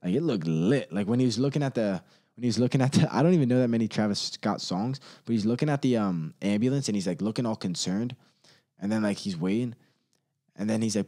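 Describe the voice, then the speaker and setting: A man ranting casually on his own, rambling and profane, laughing often and quickly mimicking others. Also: lowish voice, dark tone. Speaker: solo commentator.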